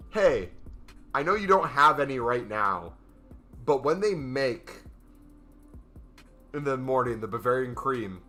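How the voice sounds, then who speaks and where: A man's voice: medium pitch, pushed and bright. A young man chatting casually on a gaming stream, rambling through stories with lots of fillers. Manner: rambling, filler-heavy storytelling.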